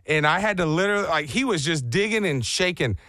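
A man's voice: fairly high pitch, expressive, fast, sharp tone, no room sound, clean studio sound. A man in his thirties hosting a chat show, telling a story in an exaggerated, self-mocking way and acting out the sounds.

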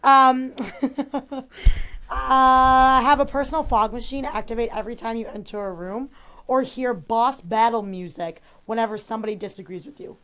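A woman's voice: a little high, steady tone, moderate pace, a bit bright, smooth. A young woman co-hosting a local sports radio show, teasing and giggling through casual banter.

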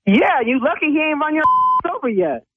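Angry high-voiced woman on a phone line. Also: lively intonation. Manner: indignant, cursing, rapid retorts. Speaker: prank call target, mother. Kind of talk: heated phone argument. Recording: tinny dry phone line.

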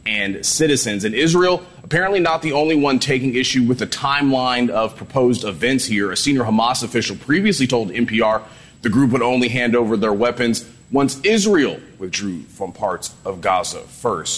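A male Washington correspondent giving a live news report in a measured, steady way. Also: medium pitch, slightly rough. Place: outdoors at the White House.

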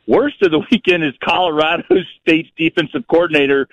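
A man's voice: a little high, animated, brisk, dry recording, muffled recording. A man calling a sports radio show, eagerly sharing his best, worst and a stat. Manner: upbeat, eager. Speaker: caller. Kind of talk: phone-in call.

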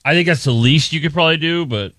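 A man's voice: fairly high pitch, quick pace, fairly bright tone, no room sound. A man as a radio co-host, tossing in dry quips during casual banter.

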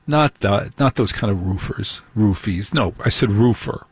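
A man's voice: on the low side, normal speed, few pauses, slightly rough, no echo. A man giving sarcastic celebrity gossip commentary as a host, with mocking, scornful asides.

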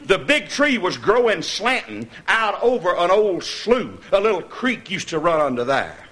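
Animated storyteller man, voice up high. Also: a little slow. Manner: animated, laughing, breaks into hollers. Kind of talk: folk tall-tale storytelling. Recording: noisy recording with clicks.

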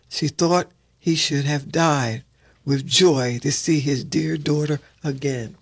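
A man reading a fairy tale aloud at a steady pace, with occasional slips and restarts. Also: on the high side, measured pace. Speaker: reader. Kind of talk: storybook read-aloud.

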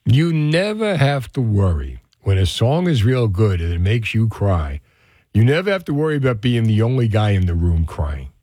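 Mellow, dry-voiced male radio host. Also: fairly low pitch, big pitch swings, normal speed, dry recording. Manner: chatty and reflective, drifting into musings. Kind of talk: casual call-in radio talk. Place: radio studio. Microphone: studio microphone.

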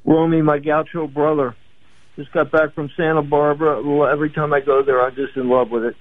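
A man calls into a radio show with a chummy, joking manner. His voice sits a little high and comes through a dry, tinny phone line. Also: level tone, fairly quick, no room sound. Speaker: caller. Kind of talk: phoned-in chat.

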